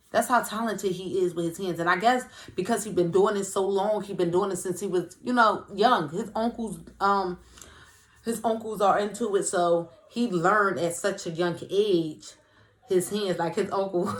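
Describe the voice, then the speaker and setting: A young woman chatting casually to camera as host of her own vlog, playful and talkative. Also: on the low side. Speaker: vlogger, show host.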